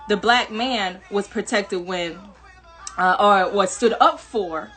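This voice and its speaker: A woman's voice: mid-range voice, slow, fairly bright tone. Earnest woman. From Atlanta. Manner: earnest, emphatic, with restarts. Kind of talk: casual spoken commentary.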